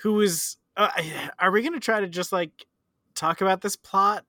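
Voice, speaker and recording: Man, high voice, sharp bright tone, dry close sound, wry casual movie chat. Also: normal speed, no room sound. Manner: wry, incredulous.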